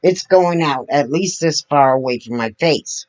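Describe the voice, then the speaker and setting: A woman talking slowly and earnestly to her camera, demonstrating as she explains, sitting several feet back from her computer mic. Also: deep voice, animated, a little mellow, lo-fi sound. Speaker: vlogger. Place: indoor room at a computer. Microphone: computer mic several feet away.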